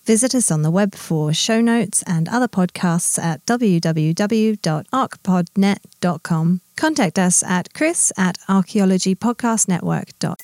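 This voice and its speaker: A woman reading a scripted podcast network outro in an even, read-out delivery. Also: medium pitch, unhurried, few pauses, dry recording. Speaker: network announcer.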